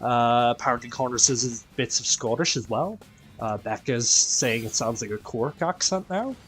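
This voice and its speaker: A man from Northern Ireland with a mixed Northern Irish accent, hosting a game live stream in casual chat, greeting viewers by name, tired and quieter than usual. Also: medium pitch, normal speed, slightly rough, faint music behind. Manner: chatty, greets viewers by name, self-deprecating. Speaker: live-stream raid host.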